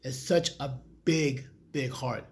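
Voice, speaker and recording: A man's voice: mid-range voice, slow pace, darkish tone. A man hosting his channel, reacting to a video with earnest, slightly preachy commentary and addressing his viewers as folks. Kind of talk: casual commentary.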